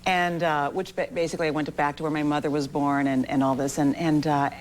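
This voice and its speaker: A woman in her forties telling a lively anecdote as a talk show guest in a TV studio, acting out the voices she quotes, with sudden jumps in pitch. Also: fast talker. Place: TV studio with live audience. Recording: lo-fi VHS broadcast recording, faint hiss.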